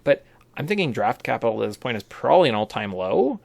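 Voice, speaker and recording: A man's voice: mid-range voice, big pitch swings, quick pace, gravelly, a little mellow, no echo. A man co-hosting a casual sports podcast, rambling through his points with frequent restarts. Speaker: podcast co-host.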